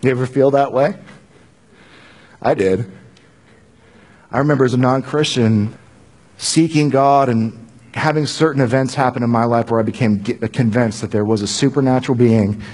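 A man's voice: medium pitch, a little mellow, breathy edge. A male pastor giving a conversational sermon, joking with the congregation and often restarting his sentences.

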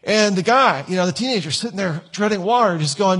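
Preacher, male, slightly high and husky, chatty sermon delivery with acted-out quotes. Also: expressive, fast talker, a bit bright. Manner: conversational, acts out whiny quoted voices. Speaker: pastor. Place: church.

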